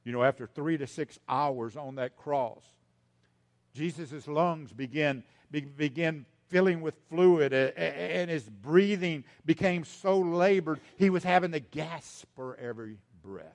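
An older man from the United States preaching a sermon, swinging from loud emphasis to hushed lines and repeating key phrases. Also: a little high, unhurried.

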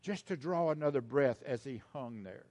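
An older man from the United States preaching a sermon, swinging from loud emphasis to hushed lines and repeating key phrases. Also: mid-range voice, expressive, moderate pace.

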